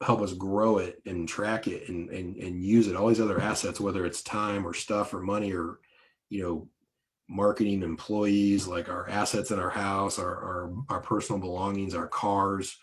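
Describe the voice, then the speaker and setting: A man coaching an online group in a conversational, emphatic way, with many fillers and restarts. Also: lowish voice. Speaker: business coach. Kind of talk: live online coaching talk.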